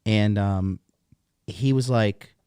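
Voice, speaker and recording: A man's voice: lowish voice, slow, mellow, clean tone, no echo, studio quality. A man in his thirties hosting a casual livestream, talking bluntly and profanely in a rambling way. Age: 30s. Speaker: podcast host.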